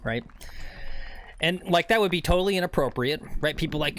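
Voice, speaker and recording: A man with a high-sitting, lively voice hosts a golf livestream outdoors on the course, speaking at a moderate pace with a slightly bright tone and slight background noise. He chats casually with viewers, rambling and often tacking on "right?".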